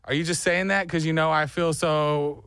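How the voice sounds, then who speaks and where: A man's voice: a little high, moderate pace, clean tone, dry recording. A man hosting a morning radio show, telling stories with playful mock outrage. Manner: animated, exaggerated storytelling with mock outrage. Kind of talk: casual morning radio banter. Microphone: studio microphone.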